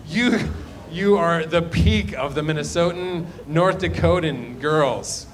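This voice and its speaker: A man's voice: on the high side, takes it slowly. A man doing loose, rambling stand-up crowd work in a comedy club, trailing off into muttered asides.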